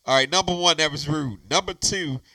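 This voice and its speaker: A man's voice: a little high, brisk, pushed and bright, no room sound, low-quality recording. A man, bantering on a podcast, emphatic and repeating himself, laughing as he reads aloud. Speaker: podcast co-host. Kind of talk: casual banter.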